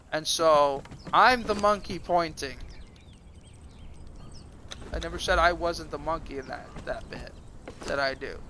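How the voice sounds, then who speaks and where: A streamer telling a crude, rambling, self-mocking comic story. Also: male voice, on the high side, sharp tone, a little hiss or hum.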